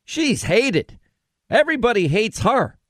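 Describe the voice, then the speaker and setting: A man's voice: extremely high pitch, measured pace, no echo, studio quality. A man in his fifties hosting a radio talk show, chatting casually and cutting in with quips. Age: 50s. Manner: animated, interrupting, quips.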